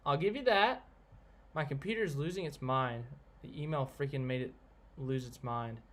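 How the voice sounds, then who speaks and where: A man's voice: mid-range voice, normal speed, a bit bright. A man chatting casually on a live stream, answering viewers and giving blunt opinions in a rambling way. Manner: rambling, opinionated, reads out chat names.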